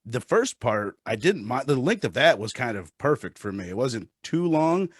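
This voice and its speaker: A man's voice: mid-range voice, big pitch swings, normal speed, no room sound, clean studio sound. An American man speaking as a guest on a casual podcast, blunt and opinionated. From United States. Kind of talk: casual chat.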